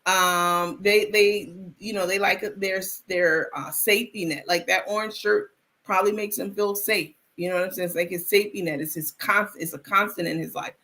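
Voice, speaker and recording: A woman's voice: fairly low pitch, bright, forceful tone. A woman hosting a live stream, chatting casually and reading viewer comments aloud with frequent restarts.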